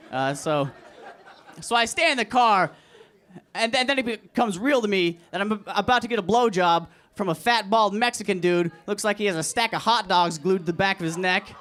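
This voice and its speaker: A young man doing a crude, deadpan, self-deprecating stand-up comedy set at an open mic in a comedy club. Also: high-pitched, normal speed. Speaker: stand-up comic. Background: audience laughter.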